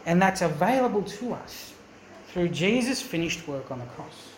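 A man's voice: high voice, sing-song, moderate pace, roomy sound, slight background noise. A man preaching a sermon as pastor, earnest and emphatic, often asking the congregation questions. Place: church.

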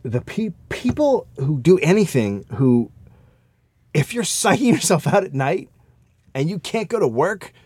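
Man, casual podcast storyteller, lively pitch, cusses freely, dry sound. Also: a little slow, husky, dry recording. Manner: profane, animated anecdote-telling.

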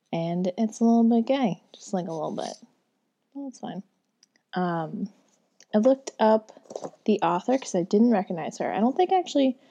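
A woman's voice: on the low side, mellow. A young woman casually talking about a short story she read, rambling with lots of fillers and dipping into whispers now and then. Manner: rambling, chatty, many fillers. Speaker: book reviewer. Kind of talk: casual book chat.

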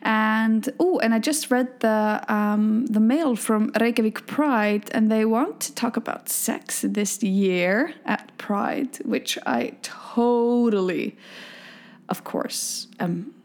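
A woman's voice: fairly high pitch, takes it slowly, few pauses, clear, resonant tone. A woman in her thirties from Iceland with an Icelandic accent, hosting a podcast from home in a chatty, self-deprecating monologue full of fillers. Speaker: podcast host.

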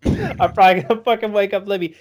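A man voicing a young Southern kid with a drawl, loud and rowdy, laughing as he talks. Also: high-pitched, fast talker, slight background noise, pitched above the performer's own voice, lightly acted. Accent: Southern US, put on.

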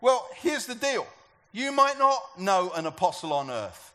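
A man's voice: high-pitched, very animated, unhurried, pushed and bright. A man preaching a sermon to a church gathering, talking conversationally and asking the congregation questions. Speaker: pastor.

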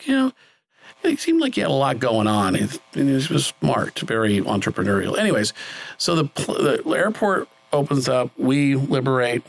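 A middle-aged man with a gravelly, creaky voice tells a film-set story in an interview. He rambles loosely, full of fillers and restarts. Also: mid-range voice, sing-song, moderate pace, poor audio. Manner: rambling, with many fillers and self-corrections. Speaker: film director guest. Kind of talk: conversational storytelling.

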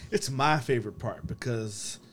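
A man co-hosts a laid-back podcast chat, cracking self-deprecating jokes and reading product labels aloud. His voice sits at an ordinary middle pitch. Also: moderate pace, fairly bright tone, a little hiss or hum. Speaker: co-host.

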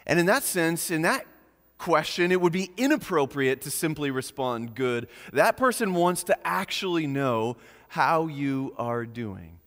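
A man preaching a sermon as pastor, earnest, slowing and softening on key phrases. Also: fairly high pitch, animated, big-room sound.

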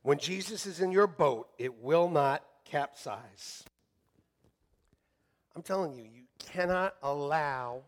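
A middle-aged male pastor preaching a sermon in church, joking and animated, swinging from shouting to hushed. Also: fairly high pitch. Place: church sanctuary.

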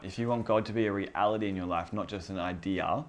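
A man with a fairly low voice gives an informal sermon to a small group. He talks earnestly and conversationally, restarting phrases and repeating key words as he goes. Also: fast talker, few pauses. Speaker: pastor.

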